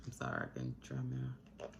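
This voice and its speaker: A YouTube channel host with a bass voice talks earnestly into her phone at home about coping with grief, speaking at a normal speed with a monotone delivery against a noisy background. This emotional talk to camera rambles, and her pace shifts often.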